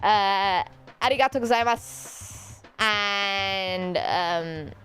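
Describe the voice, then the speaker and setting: A woman with a British accent, a VTuber streamer chatting casually with her viewers and answering their questions, giggly, animated and teasing. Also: mid-range voice, very slow, soft background music.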